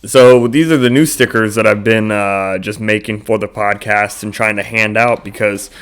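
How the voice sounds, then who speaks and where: A man's voice: fairly low pitch, steady tone, moderate pace, clear, resonant tone. A man hosting his own podcast in a casual solo monologue, rambling loosely with lots of fillers and frequent swearing. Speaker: podcast host.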